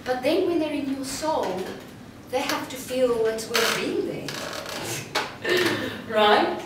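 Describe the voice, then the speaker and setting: A female speaker and voice coach gives a live workshop talk in a large room before an audience, her high voice animated yet slow, deliberate and demonstrative. The recording comes from far off in an echoey hall with room noise.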